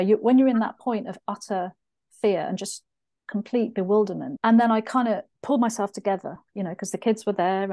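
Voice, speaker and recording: Middle-aged woman talking about her life in an interview, mellow voice, dry close sound. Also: medium pitch, no echo. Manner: earnest, reflective, acts out her own past thoughts. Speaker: author and interview guest. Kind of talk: conversational interview storytelling.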